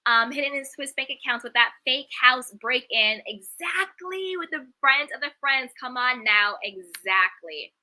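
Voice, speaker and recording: Young adult woman, very bright tone, slightly high pitch, emphatic casual live-stream chat. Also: expressive, unhurried, hardly any pauses, low-quality recording. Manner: candid, emphatic, chatty, reads viewer comments aloud. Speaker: reality TV commentary host.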